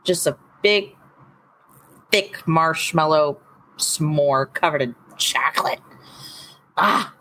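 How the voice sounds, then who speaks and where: A woman playing in a tabletop game, speaking in a slow, relaxed way. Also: deep voice, slight background noise, rough recording. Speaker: player, fellow podcast host.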